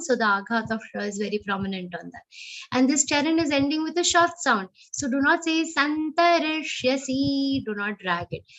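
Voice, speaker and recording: A woman teaching Sanskrit verse recitation in an online class, chanting each line slowly and carefully before explaining the sounds. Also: sits high, fairly bright tone, muffled recording. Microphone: online call microphone.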